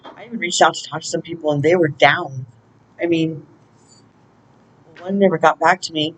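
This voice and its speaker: A woman's voice: low voice, fairly even intonation, normal speed, a little hiss or hum, rough recording. A woman giving a casual spiritual oracle reading, chatty and laughing often as she greets angels aloud. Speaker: intuitive oracle card reader.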